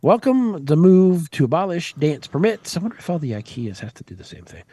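Wry male radio host, lively voice, dry studio mic. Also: on the high side, brisk, husky, dry recording. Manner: wry, irreverent, swears freely. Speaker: radio show host reading news. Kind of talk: casual news read with banter.

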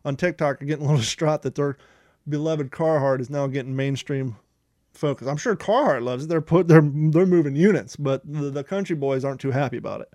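A middle-aged man from Ohio drifts through tangents in loose, profane podcast talk. His voice sits a bit high and sounds dry and close to the mic. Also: a little fast, a little mellow, no room sound. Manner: rambling, digressive, profane. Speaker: podcast co-host. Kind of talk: casual chat.

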